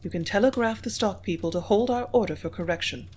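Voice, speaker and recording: An audiobook reader voicing a capable young woman secretary who speaks briskly and earnestly. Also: medium pitch, darkish tone, slight background noise, lightly acted.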